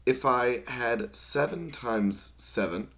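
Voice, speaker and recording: A man recording a math lecture while losing his voice a little, relaxed and full of ums as he walks through each step. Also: medium pitch, slow. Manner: relaxed, many ums, talks through steps. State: losing his voice, slightly hoarse. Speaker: math instructor.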